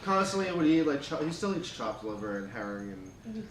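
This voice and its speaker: A man co-hosting a podcast in casual group chat, arguing and laughing easily. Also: a little high. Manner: animated, quick to argue and laugh. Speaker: podcast co-host. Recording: echoey room, distant mic, crowd noise.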